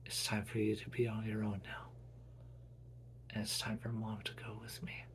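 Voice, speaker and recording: A man voicing a ghostly young man who speaks in a low, quiet, steady way. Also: moderate pace, slight background noise, natural voice. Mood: gentle.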